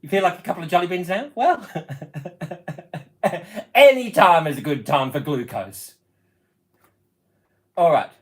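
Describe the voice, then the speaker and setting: A man's voice: high voice, animated, measured pace, long pauses, roomy sound. A man hosting his own live stream, chatting casually with viewers in a playful, giggly way and breaking into bits of song.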